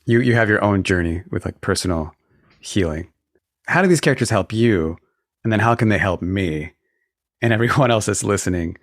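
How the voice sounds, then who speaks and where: A man hosting a podcast interview, asking measured, probing questions. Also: on the low side, animated, no echo, clean studio sound. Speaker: podcast host.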